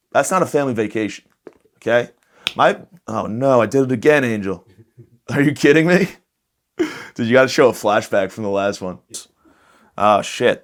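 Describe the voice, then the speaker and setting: A man's voice: mid-range voice, fairly bright tone. A young adult man hosting a podcast, rambling through a comic solo monologue with a lot of profanity and self-mockery. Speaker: podcast host.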